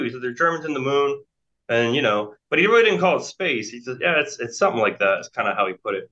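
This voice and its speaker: With big swings in pitch around a medium register, an American man in his forties talks quickly and sharply. He's an interview guest telling a long, rambling story packed with fillers and restarts, and the audio is dull and lo-fi.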